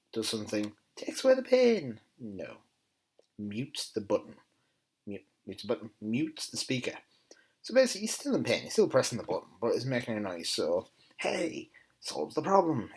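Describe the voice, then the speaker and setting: A man talks through a TV episode in a casual, enthusiastic way. His voice swings up and down a lot and has a faintly husky grain. Now and then he mutters quieter asides. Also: on the low side, poor audio. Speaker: TV episode reviewer. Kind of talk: casual spoken review.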